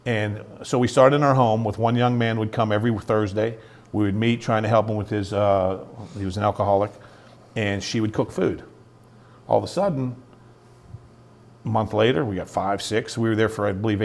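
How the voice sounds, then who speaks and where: This is a man who is a middle-aged interview guest telling his own story with plain sincerity. His voice sits somewhat low, and he acts out the lines of the people he quotes. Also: normal speed. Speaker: guest, youth ministry founder. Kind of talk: personal testimony in an interview.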